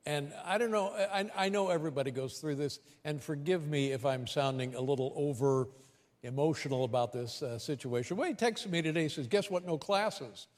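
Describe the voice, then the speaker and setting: A man's voice: fairly high pitch, a little fast, darkish tone. An older man, a guest on a talk show, tells a wry personal story with chuckles, heard as a broadcast clip that is played back. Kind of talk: anecdotal storytelling. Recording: played from a broadcast, long reverb.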